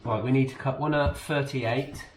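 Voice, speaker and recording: Joking electrician in an echoey bathroom. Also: male voice, mid-range voice, steady tone, normal speed. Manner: joking, instructive banter. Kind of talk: casual on-the-job chat. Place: bathroom being renovated. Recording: echoey room, distant mic, noisy.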